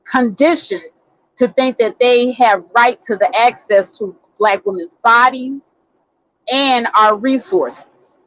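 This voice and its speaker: A woman hosting her own live stream, talking casually and emphatically to viewers and repeating her key words. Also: on the high side. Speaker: host. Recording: dull lo-fi dry sound.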